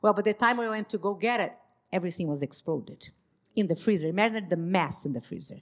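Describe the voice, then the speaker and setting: A woman whose first language is Portuguese, giving a church talk on marriage and acting out dialogue with lively emphasis. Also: on the low side, fast. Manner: animated, acts out quoted dialogue. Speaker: marriage ministry speaker.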